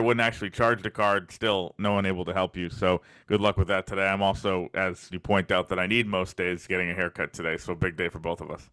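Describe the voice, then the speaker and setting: A man's voice: low-pitched, pushed and bright, clear, resonant tone, no room sound, clean studio sound. A man co-hosting a sports podcast, asking questions in a conversational, lightly joking way. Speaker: podcast co-host, sports journalist. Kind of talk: casual podcast interview.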